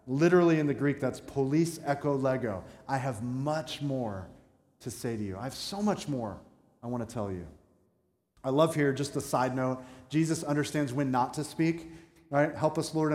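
A man's voice: mid-range voice, a little mellow. A man preaching a sermon as pastor, talking conversationally and turning to the congregation with asides. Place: church sanctuary. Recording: echoey hall with long reverb.

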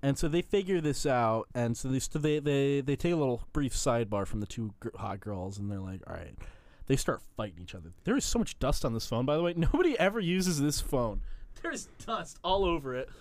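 A man's voice: mid-range voice, expressive, darkish tone, dry recording. Male radio co-host, mid-range voice, dry close sound, rambling and restart-prone. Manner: rambling, quick bursts, stumbling restarts. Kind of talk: casual banter. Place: radio studio.

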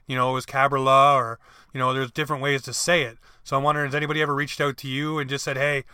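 A man hosts a loose chat and winds his way through long questions. His voice sounds very bright and smooth, and the recording is dry and close. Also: medium pitch, level tone, rapid-fire, dry recording. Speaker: podcast host. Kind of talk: casual interview chat.

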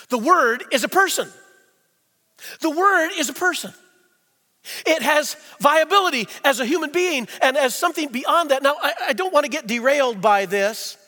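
Male pastor, high bright voice, folksy sermon delivery, church hall reverb. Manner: folksy teaching, rhetorical questions.

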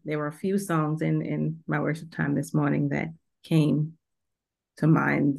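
A woman worship singer chatting casually before her song, relaxed with many ums. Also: low voice, gravelly.

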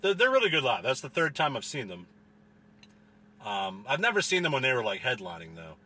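A young man ranting casually with profane, rambling talk and many fillers, sometimes mocking people in a whiny high voice. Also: wildly swooping pitch, brisk, bright, forceful tone, husky. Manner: mocks others in a whiny falsetto.

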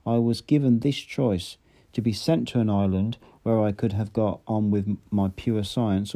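A world-weary ruler speaks in a dry, measured, sarcastic tone, as a male reader gives him voice. The voice is low and very dark. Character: sardonic, world-weary middle-aged male world controller.

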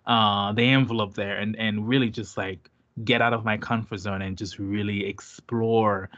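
Speaking at a moderate pace, this Haitian guest has a low-ish, fairly bright voice with fairly even intonation and a light Haitian Creole accent. The audio is dull, and his casual interview chat is hesitant, with plenty of fillers and restarts.

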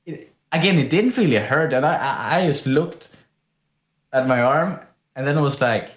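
A man's voice: mid-range voice, moderate pace. A young man from Sweden co-hosting a casual podcast, telling rambling stories with lots of laughter. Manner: rambling, animated, laughs often. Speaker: podcast co-host. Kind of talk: casual chat, storytelling. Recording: echoey room.

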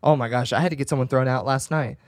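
A man co-hosting a podcast, telling animated anecdotes with laughing asides in casual chat. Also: medium pitch, fast talker. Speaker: podcast co-host.

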